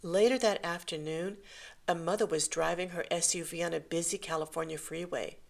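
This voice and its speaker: Low, gravelly woman narrating a story. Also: fairly even intonation, fairly quick.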